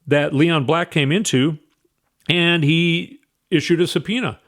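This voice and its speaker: A man's voice: on the high side, expressive, a little slow, a bit bright. A man hosting a commentary show, reading news aloud in a casual, emphatic way and repeating words for stress. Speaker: host.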